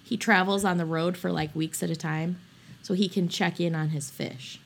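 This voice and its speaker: A woman co-hosting a podcast in casual chat, expressive and laughing often. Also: fairly low pitch, moderate pace, creaky, a little hiss or hum. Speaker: podcast co-host.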